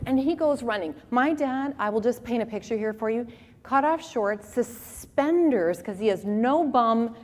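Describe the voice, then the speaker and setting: A woman in her forties giving a conference talk with animated, humorous storytelling. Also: on the high side, moderate pace. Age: 40s. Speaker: conference speaker. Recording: long reverb of a hall.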